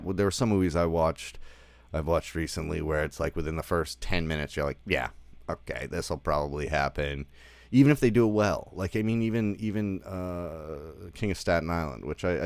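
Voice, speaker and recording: A man's voice: very deep voice, no echo. A man giving a casual spoken film review, rambling with lots of fillers like "like" and "you know", and swearing now and then.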